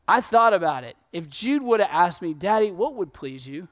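A man with a high, lifted voice delivers a sermon in an easy, conversational style. He tells stories, acts out the quotes and keeps the tone animated. He sounds like he is in his thirties. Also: a little fast. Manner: conversational, animated storytelling with laughs and acted quotes. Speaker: pastor.

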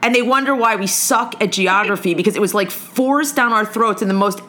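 A woman's voice: mid-range voice, brisk, bright, forceful tone. Rambling, foul-mouthed woman host. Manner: rambling, profane, self-mocking. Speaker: podcast host. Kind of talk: casual chat.

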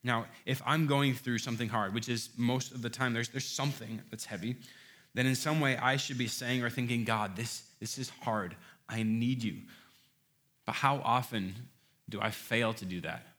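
A man preaching a sermon, emphatic and building to loud rhetorical questions, often repeating words as he starts a phrase. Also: medium pitch, steady tone, moderate pace.

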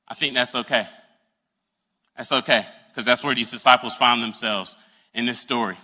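An earnest male pastor who preaches in a conversational way and acts out the stories he tells. His voice is very bright and forceful and sits a little high for a man. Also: big-room sound. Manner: earnest and conversational, acting out the scenes he describes. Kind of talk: sermon.

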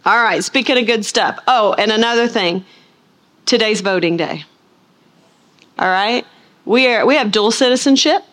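Middle-aged woman Bible teacher, talkative and lively, full of playful asides to the congregation. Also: fairly high pitch, normal speed, pauses often. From United States. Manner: rambling, animated storytelling with playful asides. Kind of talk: chatty sermon intro to a live audience.

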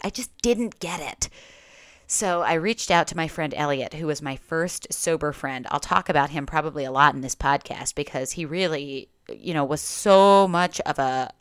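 A woman tells a personal story on her podcast in a candid, confessional way, dropping casual swear words and restarting her sentences as she goes. Her voice sits low and sounds smooth and clear. The recording is dry and close. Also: a bit bright, dry recording. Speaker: podcast host.

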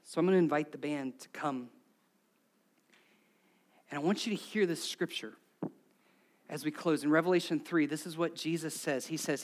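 A pastor preaching a sermon and leading a closing prayer, moving between impassioned preaching and soft, intimate prayer. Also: male voice, a little high, normal speed, pauses often. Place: church service with band playing. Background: live guitar music.

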